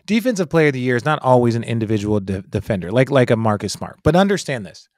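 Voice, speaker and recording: A man's voice: mid-range voice, big pitch swings, fast talker, darkish tone, dry recording, clean studio sound. A man in his forties, a guest analyst in a casual podcast chat, talking emphatically and swearing freely.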